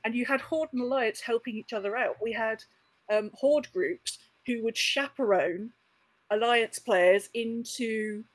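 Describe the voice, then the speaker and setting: A woman talking casually as a podcast guest, telling a story with plenty of fillers and false starts. Her voice sits a little high. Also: unhurried. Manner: chatty, storytelling with many fillers and restarts. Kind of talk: casual chat.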